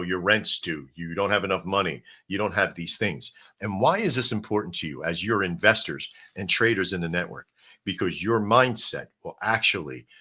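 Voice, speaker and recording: A man hosts a casual livestream and coaches his viewers in a loose, rambling way, often restarting his sentences. His voice sits low, yet its tone comes through bright and forceful. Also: slightly rough. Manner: rambling, coach-like pep talk with frequent restarts; addresses viewers directly as folks and brother. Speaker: crypto stream host.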